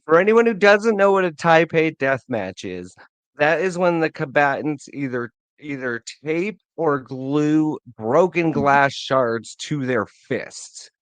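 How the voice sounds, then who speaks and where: A man guesting on a podcast, telling an excited, profane story in casual chat. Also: on the high side, slow, smooth, no echo. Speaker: guest wrestling fan.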